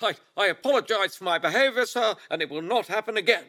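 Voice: mid-range voice, huge pitch swings, takes it slowly, slightly rough, full character voice. A reader voicing a deaf, furious elderly male housemaster who barks out orders. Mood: stern. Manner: barking, shouting orders.

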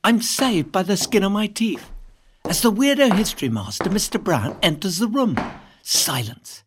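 A woman reading a first-person novel aloud in a lively, cheeky storytelling manner. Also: mid-range voice, moderate pace, noisy background. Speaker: reader.

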